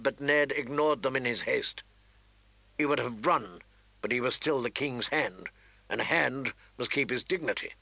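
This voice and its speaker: A man reading a fantasy novel aloud in steady, dramatic storytelling narration. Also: medium pitch, creaky, dry recording. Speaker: audiobook narrator. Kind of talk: scripted narration.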